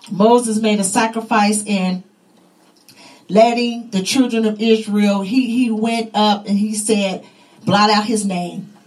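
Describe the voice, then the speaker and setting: A woman's voice: a little high, rough recording. A woman preaching a sermon, fervent and repetitive, her voice rising and falling with emphasis.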